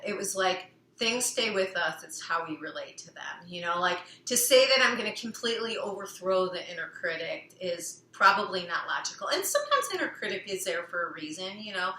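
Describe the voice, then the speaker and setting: A woman's voice: on the low side, sing-song, brisk, few pauses, sharp tone, slight background noise. A woman speaking casually about healing, rambling with many "you know" fillers and now and then singing a phrase in a playful way. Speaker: self-help speaker. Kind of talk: casual personal talk on healing. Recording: echoey room.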